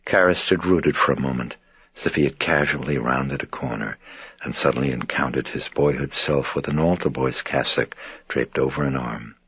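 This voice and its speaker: A man reading a horror novel aloud as an audiobook narrator, in a measured, low, gravelly delivery that only lightly shifts for the characters. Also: a bit bright, no echo, muffled recording. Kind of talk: scripted narration.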